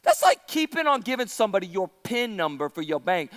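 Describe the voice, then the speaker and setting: Lively, high-voiced male preacher who acts out the story, in a big reverberant hall. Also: fast. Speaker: pastor. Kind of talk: sermon.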